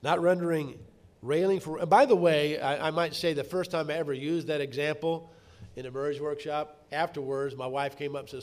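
A middle-aged pastor with a highish voice preaches fairly quickly, his intonation mostly even. He tells stories and veers between quiet asides and loud, emphatic bursts.

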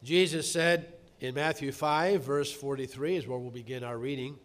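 A middle-aged man preaching a sermon, earnest, slowing down to stress key words and rising to emphatic peaks. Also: mid-range voice, steady tone.

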